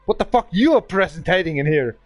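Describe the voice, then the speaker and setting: A man's voice: high voice, animated, fast talker, no echo, faint music behind. A man from Bavaria with a German accent, ranting profanely and hurling insults at another player during a gaming livestream. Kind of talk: angry livestream rant.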